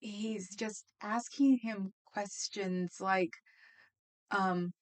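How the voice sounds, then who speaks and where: A woman's voice: medium pitch, fairly even intonation, extremely slow. A woman chatting casually on a live stream, rambling, laughing easily and talking to viewers in the chat.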